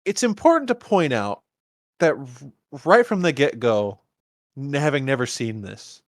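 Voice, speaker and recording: Animated man retelling a movie, dry sound. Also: medium pitch, measured pace, dry recording. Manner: animated retelling, acting out movie characters' lines, stammering restarts. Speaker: podcast host. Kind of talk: casual movie rewatch chat.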